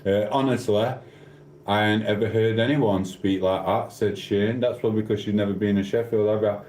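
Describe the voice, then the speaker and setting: A man with a South Yorkshire accent rambles cheekily through viewers' comments on a live stream. His voice sits somewhat low. The room rings with echo, and a faint hiss runs underneath. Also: steady tone, normal speed, a little mellow. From South Yorkshire, England. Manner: rambling, cheeky, banters with chat. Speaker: livestreamer. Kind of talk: casual live-stream chat reading comments. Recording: echoey room.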